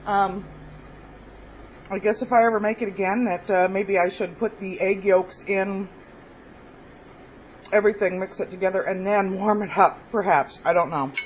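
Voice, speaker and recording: A woman's voice: mid-range voice, steady tone, normal speed, long pauses, highs cut off, a little hiss or hum. A woman hosting a home cooking video, chatting casually and laughing at her own kitchen mistakes. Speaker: cooking vlog host.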